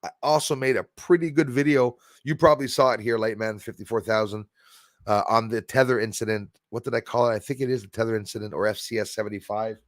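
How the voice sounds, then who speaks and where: A man's voice: fairly low pitch, fairly even intonation, fast, no room sound, clean studio sound. A man hosting a casual livestream, chatting loosely and reading out viewer comments with frequent laughs and fillers. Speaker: livestream host.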